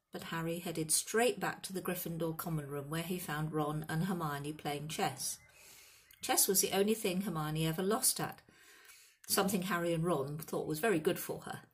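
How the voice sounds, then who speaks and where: Breathy woman reading a storybook aloud. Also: low-pitched, moderate pace. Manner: reads aloud, does character voices. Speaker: reader. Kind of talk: audiobook reading.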